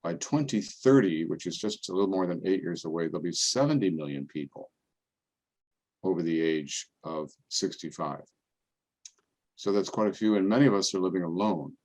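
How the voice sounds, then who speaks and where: An older man, a priest, giving a relaxed, conversational talk full of homely anecdotes and playful voices for the people in them. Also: low-pitched, moderate pace. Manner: folksy storytelling, acts out other people's voices. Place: parish event, indoors.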